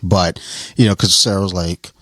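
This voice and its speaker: Husky, deep-voiced man rambling casually. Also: fairly even intonation, moderate pace, fairly bright tone, no echo. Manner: loose, rambling, profane storytelling. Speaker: podcast co-host. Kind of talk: casual storytelling chat.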